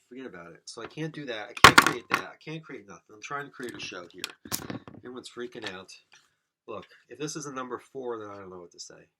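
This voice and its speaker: This man's voice sits on the low side, pushed and bright, over a little hiss or hum. Hosting a silly podcast solo, he rambles through an absurd comedic monologue, mocking himself and addressing pretend listeners.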